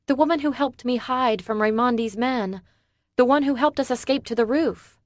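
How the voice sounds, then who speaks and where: A woman voicing a frightened young woman on the run, her voice raised high and breathless with worry, for an audiobook. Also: normal speed, darkish tone, dry recording, natural voice.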